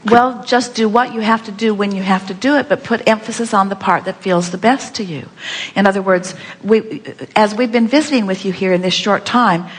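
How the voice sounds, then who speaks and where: A woman's voice: medium pitch, moderate pace, breathy edge. A woman leading a live seminar, teaching with playful, repeated rhetorical questions. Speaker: seminar speaker. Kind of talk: inspirational workshop teaching. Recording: long hall reverb.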